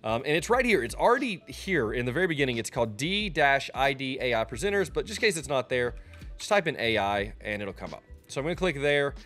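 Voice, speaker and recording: A man talking through a software tutorial in a casual, loose way, often pausing with ums and restarting his sentences. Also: mid-range voice, very animated, soft background music. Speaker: streamer teaching a software tutorial. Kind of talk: casual screen-recorded tutorial.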